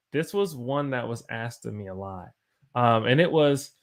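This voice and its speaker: An American man in his thirties teaching English on a live stream, speaking slowly and repeating phrases for learners to copy. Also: mid-range voice.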